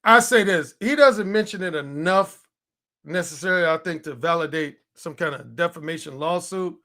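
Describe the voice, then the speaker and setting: A man's voice: on the high side, normal speed, sharp tone. A man in his fifties, a dating coach, ranting in an emphatic and profane way. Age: 50s. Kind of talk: heated monologue.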